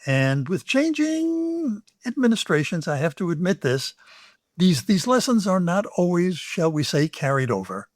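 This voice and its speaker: An older man from the United States, an infectious disease expert answering interview questions in a measured, explanatory way with emphatic pauses and soft asides. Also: fairly high pitch, very animated, no room sound, clean studio sound.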